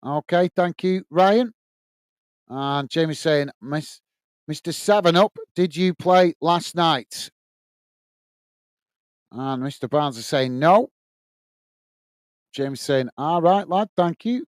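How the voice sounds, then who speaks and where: Brief: middle-aged Northern English man, watch-along host, fairly high smooth voice, blunt and chatty, dry close sound. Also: takes it slowly, long pauses, no room sound. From north of England. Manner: chatty, blunt, laughs easily, says mate a lot. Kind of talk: match commentary and reading out viewer chat.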